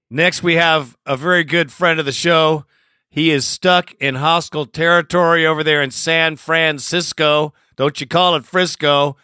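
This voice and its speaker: A man's voice: fairly high pitch, bright, forceful tone, clear, resonant tone, no room sound, clean studio sound. A man hosting a podcast, blunt and profane as he introduces callers. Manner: blunt, profane, fast-talking. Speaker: podcast host. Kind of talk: casual podcast talk.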